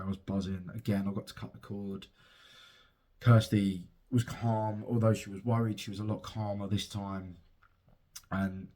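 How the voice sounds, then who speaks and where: A man's voice: on the low side, vocal fry, slightly rough. A young father casually telling a heartfelt personal story and swearing freely. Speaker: father and podcast host.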